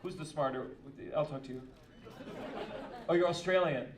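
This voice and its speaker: Brash high-voiced comedian in a loud club. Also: male voice, normal speed, recorded from a distance, over a noisy crowd, very noisy. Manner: brash, profane, laughing teasing. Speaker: stand-up comedian. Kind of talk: crowd work on stage. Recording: echoey club, audience laughter.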